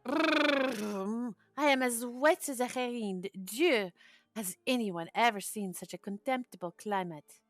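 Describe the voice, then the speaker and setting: A woman's voice: fairly high pitch, takes it slowly, dry recording, soft background music, pitched above the performer's own voice. A woman reading an audiobook, voicing a young aristocratic woman with a slight French lilt and a musical, sing-song way of talking. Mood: mock dismay.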